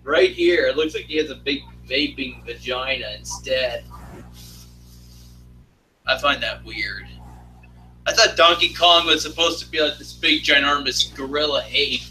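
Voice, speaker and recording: A man's voice: mid-range voice, a little slow, long pauses, sharp tone, faint music behind, low-quality recording. A young man hosting a casual live stream from his apartment, rambling and joking with many fillers. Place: home apartment.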